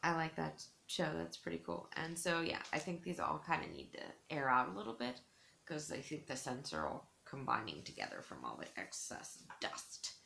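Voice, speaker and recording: A woman's voice: deep voice, very animated, normal speed, creaky, a bit bright, a little hiss or hum. A woman chatting in a casual haul vlog, rambling with lots of "like" fillers and giggly, self-teasing asides. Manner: chatty, rambling, heavy use of "like". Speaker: beauty vlogger.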